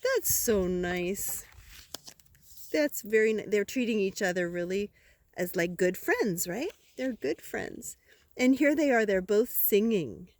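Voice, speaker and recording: An older woman reading picture books aloud to a child outdoors, gentle and expressive, with gasps and questions for the listener. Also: mid-range voice, measured pace. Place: outdoors by woods.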